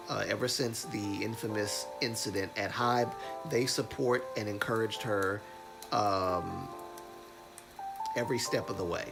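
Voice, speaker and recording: A congested young man with a cold reads news aloud on his livestream, slowly and haltingly, often stopping to correct himself and start over. His voice sits at an ordinary middle pitch, and music plays clearly behind him throughout. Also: fairly even intonation. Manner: slow, halting reading with restarts and self-corrections. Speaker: livestream host.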